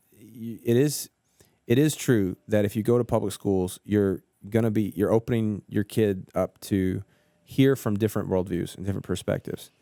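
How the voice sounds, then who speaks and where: A man in his thirties talks through ideas on a church podcast, often restarting and repeating words as he works out what he means. His voice sits low, with a dark, mellow tone, and the sound is dry and close. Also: no echo. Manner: thoughtful, repeats words as he thinks aloud. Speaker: podcast co-host. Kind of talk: casual discussion.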